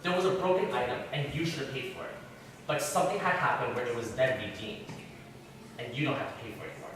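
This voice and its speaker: A man's voice: medium pitch, animated, quick pace, noisy background. A man leading an interactive Bible class in a church room, questioning his listeners in a chatty way. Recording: very echoey room, far from mic.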